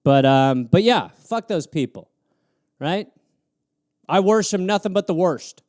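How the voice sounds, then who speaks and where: A man with a fairly high voice riffs alone on viewer prompts, sarcastic and animated. The sound is dry and close, with no room around him. He jumps between rants and quick mock asides. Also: no room sound. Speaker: comedian host riffing on viewer prompts. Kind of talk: solo improvised comedy riff on a livestream.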